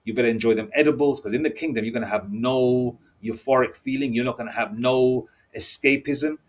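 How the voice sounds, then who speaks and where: A man's voice: medium pitch, fairly quick. A man preaching angrily and reading scripture aloud. He talks in a combative way and keeps checking in with "all right?" and "okay?". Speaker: religious teacher.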